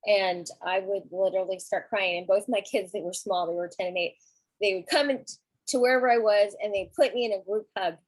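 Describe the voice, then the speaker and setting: A middle-aged woman talking gently and reflectively about grief in a candid podcast conversation, with a husky voice. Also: medium pitch, steady tone, brisk, no echo, rough recording. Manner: gentle, reflective, soft-spoken.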